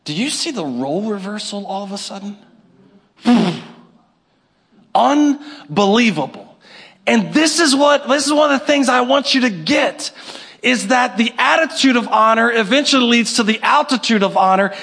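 Pastor guy, high-ish voice, fired-up sermon, acts out bits, calls for amens. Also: moderate pace, breathy edge. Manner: animated preaching with call-and-response and acted asides.

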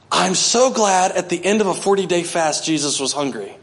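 Fiery preaching man, fairly high voice. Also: normal speed, few pauses. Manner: animated preaching, acting out voices, swings from loud to hushed. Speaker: pastor. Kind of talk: sermon. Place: church.

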